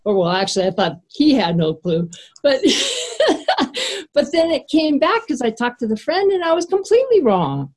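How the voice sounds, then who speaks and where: A woman who trains horses, candidly sharing a personal story with a group in an animated, easygoing way. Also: high voice, moderate pace. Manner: animated and candid, laughing easily.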